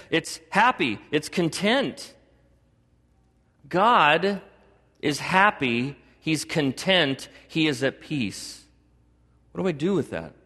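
A middle-aged pastor preaching a lively sermon, his voice sitting a touch high for a man. He jokes with the congregation and jumps into animated mini-dialogues. The sound carries a long church-hall reverb. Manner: animated, acts out dialogue with God in a higher voice.

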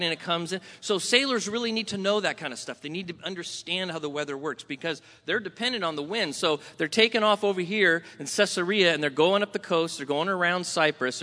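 A man from Southern California preaching a sermon in a conversational, animated way, questioning the congregation. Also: a little high. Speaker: pastor. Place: church sanctuary. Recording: long hall reverb.

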